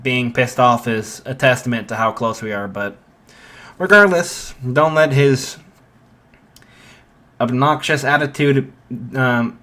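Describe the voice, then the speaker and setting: A man's voice: mid-range voice, slow, long pauses, bright, forceful tone. A man voicing a cocky teenage boy hero who teases his rival with playful insults, in a casual spoken fan story. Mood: teasing.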